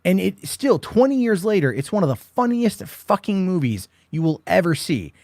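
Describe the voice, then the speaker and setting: A man in his thirties hosts a casual late-night movie chat, his voice sitting a little high and close with no room around it. He rambles, swears freely and acts out quotes as he tells his stories. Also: very animated, normal speed, darkish tone, no echo. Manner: rambling, profane, storytelling with acted-out quotes. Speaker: host.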